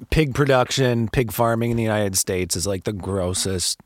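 A man's voice: on the low side, moderate pace, no echo, clean studio sound. Laid-back swearing male podcast guest. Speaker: podcast guest, former bass player. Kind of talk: casual chat.

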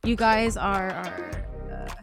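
A woman's voice: medium pitch, steady tone, takes it slowly, creaky, music in the background. A young adult woman co-hosting a podcast in casual chat, bubbly and talkative, with lots of fillers. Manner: bubbly, chatty, heavy use of "like". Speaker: podcast co-host.

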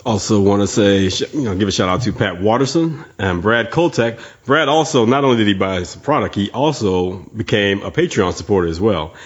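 A man's voice: lively intonation, a little fast, hardly any pauses, husky, lo-fi sound. A man hosting a podcast, talking in a laid-back, casual way and laughing often. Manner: laid-back, laughing, mimics people in a high voice. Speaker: podcast host.

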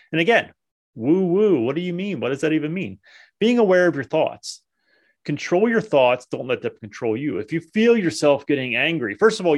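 A man in an unscripted monologue, blunt and earnest, swearing often and restarting his sentences, owning that he is no expert. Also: mid-range voice. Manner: earnest, self-deprecating. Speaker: men's self-help vlogger.

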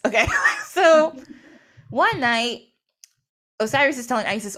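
A woman's voice: fairly high pitch, expressive, normal speed, long pauses, a bit bright. A woman host telling an old myth in a chatty, casual way, full of fillers and little laughs. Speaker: podcast host.

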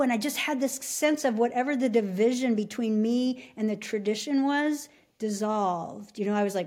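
A middle-aged woman from Alaska, a podcast guest telling her story in a casual, halting way with many restarts. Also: on the high side, darkish tone. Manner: halting, full of restarts and fillers. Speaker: podcast guest, shamanic teacher.

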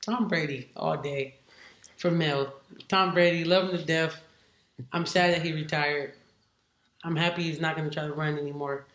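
Guest spot: woman head coach, lively storyteller, acts out the voices of others, roomy echo around her. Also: low voice, normal speed, long pauses. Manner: animated, acts out what others said. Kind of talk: casual interview storytelling.

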